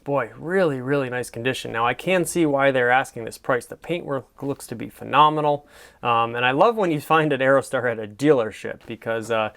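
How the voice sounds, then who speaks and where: A man talks in a relaxed, rambling way, full of fillers and admiring asides. His voice is smooth and resonant, set at a middling pitch. The delivery stays soft and easygoing, suited to falling asleep. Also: a little fast. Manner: soft-spoken sleep-friendly delivery. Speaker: host. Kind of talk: casual commentary on classified ads.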